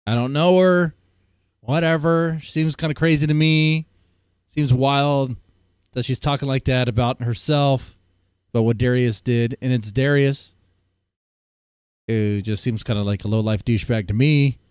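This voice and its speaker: A man's voice: mid-range voice, steady tone, a little slow, pauses often, smooth, dry recording, studio quality. A man streaming casually, reacting to clips in a blunt, rambling way and often breaking off mid-sentence. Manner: blunt, rambling, self-interrupting. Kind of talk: casual chat.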